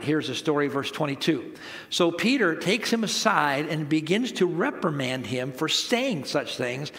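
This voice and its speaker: A middle-aged man preaching a sermon, conversational and humorous, with sudden swings between loud emphasis and quiet asides. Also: a little high, sing-song, unhurried. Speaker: pastor.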